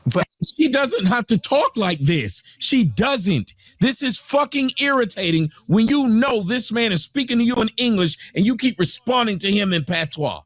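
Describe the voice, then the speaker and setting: Brief: high-pitched American man, lively swooping delivery, dry close sound, profane scornful reaction host. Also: normal speed, few pauses, no room sound. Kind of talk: ranting reaction commentary.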